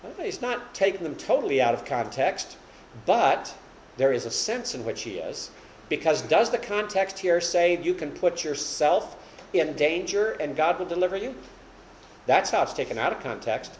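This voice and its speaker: A man's voice: a little high, big pitch swings, normal speed, reverberant, slight background noise, low-quality recording. A man preaching an expository Bible lesson to a small group, explaining each point plainly and raising his voice for emphasis when he quotes scripture. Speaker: preacher teaching a Bible study.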